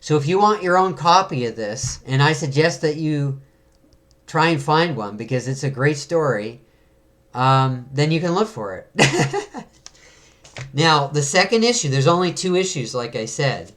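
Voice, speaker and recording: A man's voice: fairly high pitch, animated, a little slow, a bit bright. A man hosting a comic book video, reading a comic aloud and chatting casually with fillers and little chuckles.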